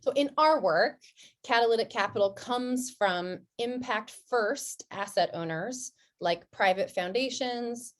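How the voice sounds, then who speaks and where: A woman hosting a webinar discussion, speaking in a friendly, measured way and slowing down so the audience can keep up. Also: fairly high pitch. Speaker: webinar host.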